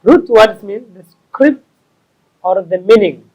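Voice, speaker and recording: High-voiced man teaching English. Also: darkish tone, rough recording. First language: Somali. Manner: slow, repetitive, stops to correct himself. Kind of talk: explaining tips to learners.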